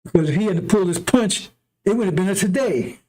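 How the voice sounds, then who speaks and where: A man's voice: high-pitched, fairly quick, a little mellow. A man preaching an emphatic, rambling sermon to his listeners, with a conversational delivery and frequent chuckling asides. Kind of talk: impassioned street-style sermon.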